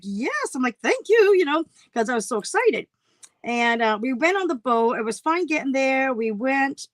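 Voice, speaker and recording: A woman's voice: a little high, fairly bright tone, no echo. A middle-aged woman telling a story on a casual livestream chat, acting out her own past voices. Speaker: co-host.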